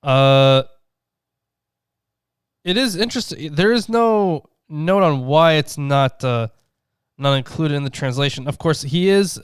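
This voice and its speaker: A man with a clear, smooth mid-range voice explains a text in a casual chat, often pausing on filler sounds as he thinks. The sound is dry and close. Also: a little high, dry recording. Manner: hesitant, many filler sounds while explaining. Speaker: co-host.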